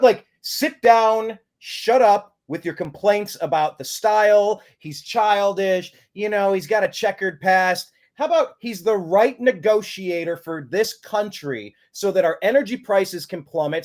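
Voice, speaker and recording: A man with a lively, swooping delivery and a slightly high voice co-hosts a political talk show. He rants emphatically and throws in sarcastic jabs. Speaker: co-host. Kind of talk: political commentary chat.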